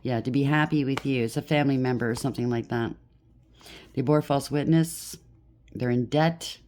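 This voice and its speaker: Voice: mid-range voice, steady tone, moderate pace, darkish tone, a little hiss or hum. A tarot reader giving a casual, blunt and emphatic reading, stacking up lists of labels.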